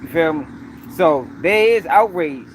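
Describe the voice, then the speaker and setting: A man's voice: on the high side, expressive, a little slow, slight background noise. A man hosting his own news commentary livestream, talking emphatically, repeating points and speaking straight to his viewers. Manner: emphatic, repetitive, addresses viewers directly.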